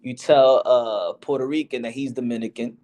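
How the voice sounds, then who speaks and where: A man's voice: mid-range voice, steady tone, normal speed, darkish tone. A man hosting a boxing podcast, talking in a casual, slangy street style. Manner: slangy, loose street talk. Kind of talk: casual chat.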